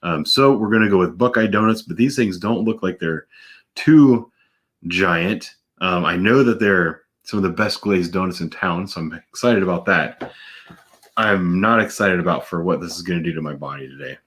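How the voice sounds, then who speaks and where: A man's voice: low-pitched, moderate pace, a bit bright. A man in his thirties, a police officer and vlogger, chatting casually at home while eating donuts with his mouth full. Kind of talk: casual vlog, eating challenge.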